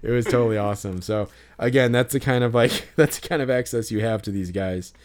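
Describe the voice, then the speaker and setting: Podcast host guy, smooth clear voice, rambly storytelling, lots of ums. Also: on the low side, fairly quick. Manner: rambling storytelling full of fillers and restarts. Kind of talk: casual podcast chat.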